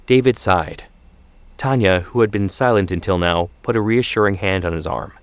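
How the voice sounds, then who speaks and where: Low-voiced man narrating a story. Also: dry recording. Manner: measured storytelling. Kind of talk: scripted narration.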